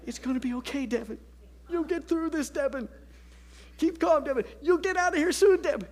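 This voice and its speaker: A man's voice: sits high, very animated, slow pace, a little hiss or hum, voice pushed up, exaggerated voice. A man voicing a flustered young father who keeps reassuring himself while his child acts up. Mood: strained calm.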